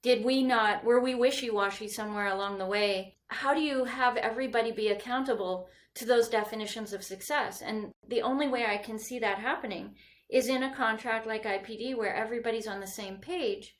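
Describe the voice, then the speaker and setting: A woman, a guest architect talking casually in a podcast interview, animated and quick to laugh. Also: on the high side. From Canada. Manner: animated, laughs often, playful.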